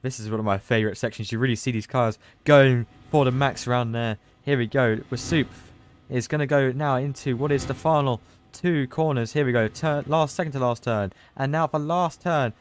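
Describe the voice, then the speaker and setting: A man giving live commentary on an online racing qualifying session, chatty and loose, surging with excitement at the big moments. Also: mid-range voice, normal speed, smooth. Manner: loose, chatty, with restarts and asides. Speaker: race commentator; team manager. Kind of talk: live esports race commentary.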